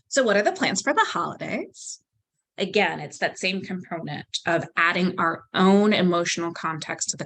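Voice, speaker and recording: Woman trainer, low voice, calm explanatory lecture, example phrasings. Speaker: volunteer trainer.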